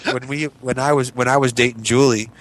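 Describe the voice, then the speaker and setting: Man, thirties, casual podcast storyteller, mid pitch, animated quotes. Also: a little fast, low-quality recording. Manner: animated, does loud voices when quoting people. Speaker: podcast co-host, father.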